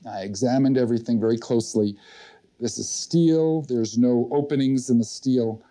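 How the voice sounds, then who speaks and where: A man gives a motivational seminar talk to a live audience, telling his story earnestly and often turning to address the listeners. His voice is deep, dark and mellow. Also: normal speed. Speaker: seminar leader.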